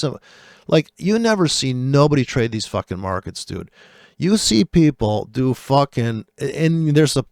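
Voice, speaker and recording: A man's voice: mid-range voice, vocal fry, no room sound, clean studio sound. A trader ranting over live charts, profane and sarcastic as he mocks other traders.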